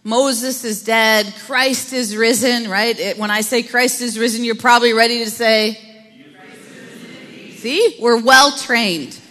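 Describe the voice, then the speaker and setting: A woman's voice: a little high, flat delivery, normal speed, hardly any pauses, a bit bright. Midwestern woman pastor preaching in a reverberant church. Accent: Upper Midwest American. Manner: conversational, playful asides to the congregation. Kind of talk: sermon. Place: church sanctuary.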